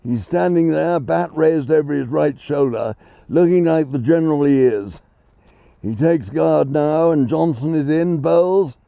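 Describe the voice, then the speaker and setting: A man's voice: fairly high pitch, unhurried, gravelly, warm tone, no echo. A man giving chatty, self-deprecating live ball-by-ball cricket commentary. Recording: dull lo-fi sound.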